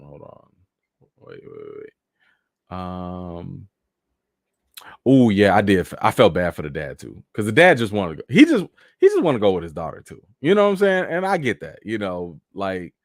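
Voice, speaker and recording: A man's voice: fairly low pitch, dry recording, clean studio sound. A man hosting a casual live chat, reading out viewer comments and acting out the characters' lines in raised voices. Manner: reads out and answers viewer comments. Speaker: live stream host.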